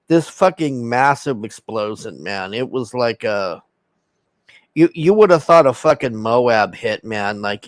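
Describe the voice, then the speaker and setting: A man's voice: medium pitch, no room sound. A man casually recapping a film's plot in a rambling, profane way, acting out the characters' lines. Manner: rambling and profane, with many fillers and acted-out quotes. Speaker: film reviewer.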